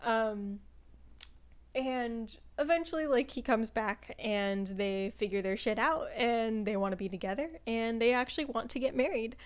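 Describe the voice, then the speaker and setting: A woman's voice: a little high, normal speed, hardly any pauses. A young woman in casual chat, reviewing a book in a rambling way with lots of fillers. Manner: chatty, rambling, full of "like" and "um" fillers.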